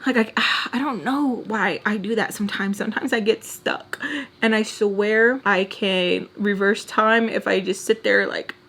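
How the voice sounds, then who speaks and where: A woman's voice: mid-range voice, steady tone, a little slow, creaky, a bit bright. A young adult woman telling a storytime on camera while doing her makeup, rambling and venting emotionally straight to her viewers. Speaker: storytime vlogger.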